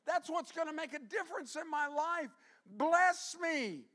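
A man acting out a desperate man who clings on and begs to be blessed, pleading loudly and repeating himself. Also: extremely high pitch, unhurried, pitched above the performer's own voice, full character voice. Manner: pleading, loud and repetitive.

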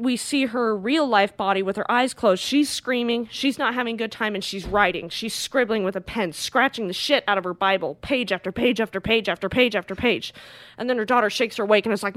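Animated woman recapping a horror film. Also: medium pitch, no echo. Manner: animated retelling, acts out characters, swears freely. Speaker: podcast co-host.

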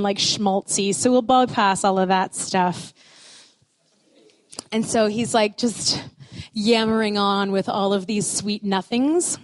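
Animated, high-voiced woman storyteller. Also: no room sound. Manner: animated, expressive, playful, with many "like" fillers. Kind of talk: storytelling talk.

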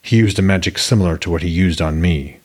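A man's voice: low voice, quick pace, husky. A man voicing Mimir, a stony old sage. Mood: stern. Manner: flat, stony delivery. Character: impatient older male sage with gray beard.

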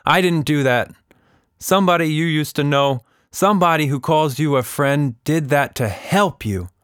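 A shy young girl speaks earnestly, a touch higher than a grown man's voice, as a male storyteller puts her on. She sounds timid yet brave in a dry room. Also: normal speed, fairly bright tone, clean tone, no room sound, lightly acted.

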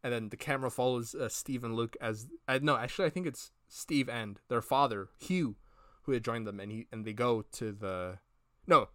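There's no room sound in this studio-quality clip of a man co-hosting a podcast. At medium pitch and a moderate pace, his fairly bright voice meanders through a casual review, retelling scenes and performing the characters' dialogue.

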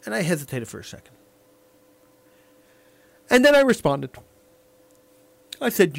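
Male radio talk host; fiery, repetitive monologue; high, very lively pitch. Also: unhurried, vocal fry, long pauses, no echo. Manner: emphatic, repeats lines for effect.

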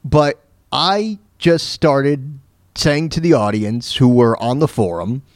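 Slow-paced and expressive, this mid-range male voice belongs to a podcast host from Florida, USA. He rambles casually through a story, with many fillers and false starts, on a clean studio recording with no room sound.

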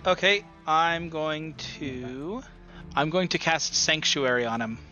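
A man's voice: fairly high pitch, slow, sharp tone, muffled recording, faint music behind. A man playing a tabletop game, eagerly thinking aloud about his moves and reading rules out. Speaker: player. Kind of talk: casual tabletop game chat.

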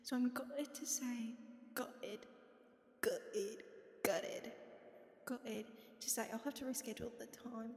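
A woman's voice: a little high, slow, vocal fry, pauses often, darkish tone, reverberant, in a large hall. A woman reading a young male pop singer's tweet aloud in a put-on, hammy British accent. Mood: mock-earnest. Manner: hammy, self-mocking. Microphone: phone.

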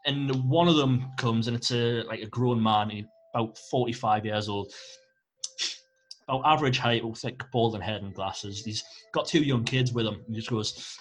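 A man's voice: mid-range voice, moderate pace. A man narrating a tabletop game as game master, rambling with lots of fillers. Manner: rambling, filler-heavy storytelling.

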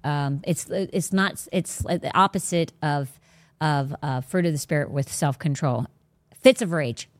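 A woman's voice: low-pitched, unhurried, dry recording. Emphatic woman host, casual faith talk, dry close sound. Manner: blunt, emphatic, preachy. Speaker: podcast host.

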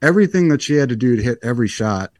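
A young man in his twenties, a golfer being interviewed, telling stories in a relaxed, rambling, self-deprecating way. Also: medium pitch, racing. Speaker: guest golfer. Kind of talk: casual interview storytelling.

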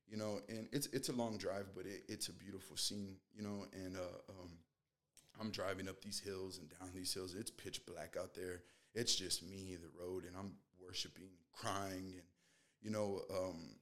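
Earnest rambling man, lowish voice. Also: fairly bright tone. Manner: rambling, earnest, fills with "you know"; acts out quoted dialogue. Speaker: guest sharing a faith testimony. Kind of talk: casual spoken testimony.

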